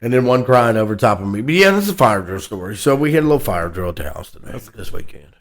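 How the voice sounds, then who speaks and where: A man, co-hosting a podcast and telling a long story casually, with animated swings between loud bursts and low mutters, and a lot of swearing. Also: fast talker. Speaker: podcast co-host.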